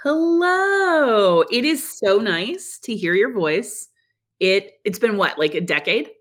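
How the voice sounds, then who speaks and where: A woman joins a podcast as a guest and greets the host in a friendly way. Her talk is casual chat, at a middling pitch. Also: sing-song, slow. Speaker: podcast guest, company executive.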